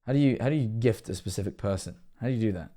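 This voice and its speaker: A man's voice: on the low side, very fast, mellow. A man livestreaming and reacting to videos, rambling with lots of fillers, getting worked up and then sheepish. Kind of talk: casual live-stream commentary.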